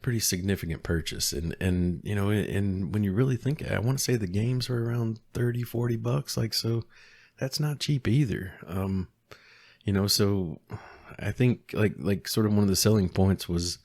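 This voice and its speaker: Deep-voiced hesitant man. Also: moderate pace, a little mellow. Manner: hesitant, many restarts and fillers. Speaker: podcast co-host. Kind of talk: casual chat.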